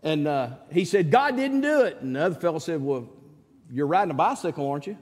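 A man preaching a sermon in a folksy manner, dropping his voice low and soft on key words and rising high when he quotes others. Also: fast talker, in a large hall. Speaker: pastor.

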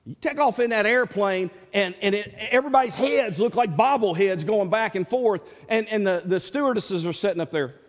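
A man's voice: high-pitched, moderate pace, few pauses, big-room sound. A man preaching a sermon in a folksy, storytelling way, acting out the voices he quotes. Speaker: pastor.

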